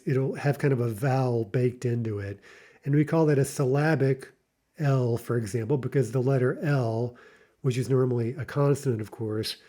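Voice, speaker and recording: A man with a mellow, warm voice gives a relaxed online pronunciation lesson. He talks through his points with fillers and restarts, and he says each example word twice, slowly. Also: mid-range voice. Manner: frequent fillers and self-corrections. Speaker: language teacher.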